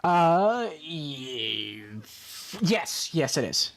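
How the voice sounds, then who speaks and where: A man's voice: fairly high pitch, sing-song, very slow, vocal fry, a bit bright. A man running a tabletop game over voice chat, talking casually and swearing. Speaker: game master.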